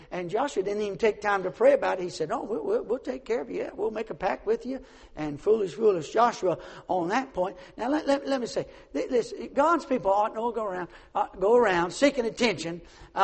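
A man preaching a sermon as pastor, swinging from hushed asides to shouts, often stammering and restarting. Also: sits high, gravelly, husky. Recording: long hall reverb.

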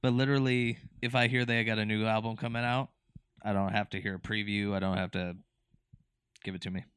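A man's voice: fairly low pitch, steady tone, brisk, a bit bright, clear, resonant tone, no room sound. A man co-hosting a podcast in casual chat, talking in a laid-back, rambling way. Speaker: podcast co-host.

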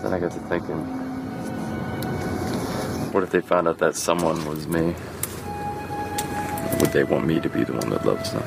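An actor playing a gentle young florist, confessing softly and earnestly in a film scene. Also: male voice, very deep voice, normal speed, vocal fry, pauses often. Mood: tender. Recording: film clip under loud music.

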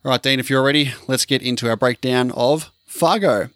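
A man's voice: medium pitch, brisk, fairly bright tone, smooth, no room sound, clean studio sound. An Australian man co-hosting a casual film podcast, reading out film trivia with chatty asides. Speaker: podcast co-host.

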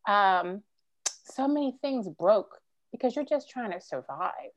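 A woman's voice: mid-range voice, lively intonation, measured pace, no room sound, highs cut off. Earnest woman with a dry close sound. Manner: earnest, emotional, faith-driven storytelling. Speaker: podcast guest. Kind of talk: candid interview conversation.

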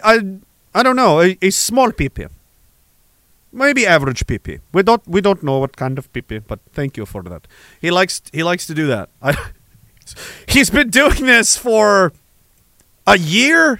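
A man's voice: sits high, pushed and bright, no echo. A man hosting a livestream, reading chat messages aloud in a rambling, profane, sarcastic way.

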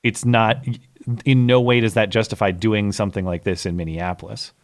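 Guy co-hosting a live stream, lowish voice, stops and restarts his points a lot. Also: normal speed. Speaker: podcast co-host. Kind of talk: casual live-stream chat.

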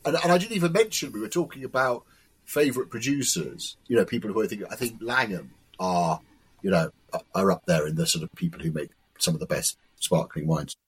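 A man's voice: on the low side, slightly rough. A man, a wine writer, guesting on a podcast in casual chat. He tells stories with animation and halts to restart his sentences. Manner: animated storyteller, halting restarts.

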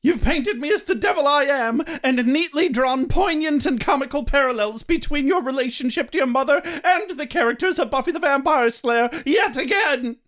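A man voicing a scheming, mock-proud mother in a high, sing-song, gloating voice for a comedy podcast bit. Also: expressive, moderate pace, hardly any pauses, a bit bright. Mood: mock-defeated.

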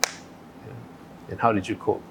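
A man's voice: measured pace, background noise. A man interviewing an athlete, asking brief, prompting questions.

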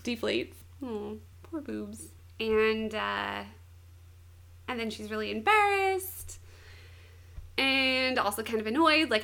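A woman's voice: on the high side, slow, creaky, pauses often. A young woman co-hosting a casual podcast, giggling often as she retells a manga plot. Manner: giggly, animated storyteller. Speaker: podcast co-host.

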